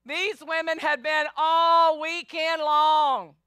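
A woman pastor preaching a sermon, animated, acting out biblical voices and calling the congregation y'all. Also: high voice, slow, no echo.

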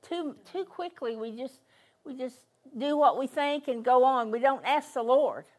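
Older lady preaching, kinda high voice, tells stories, repeats herself for emphasis. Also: lively intonation, unhurried. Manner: storytelling, emphatic, repeats key phrases. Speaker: guest minister. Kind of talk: sermon. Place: church.

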